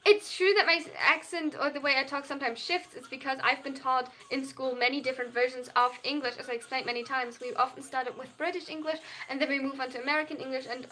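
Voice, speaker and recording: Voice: high voice, fairly even intonation, fast talker, hardly any pauses, sharp tone. A young adult non-binary streamer with a German accent, earnestly reading out chat messages and answering them at length on a live stream. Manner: earnest, reads chat aloud and replies at length.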